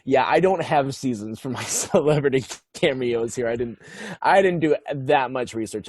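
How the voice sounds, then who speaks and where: A young man co-hosting a podcast in casual chat, enthusiastic and quick to laugh. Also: medium pitch, darkish tone, no room sound, clean studio sound. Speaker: podcast co-host.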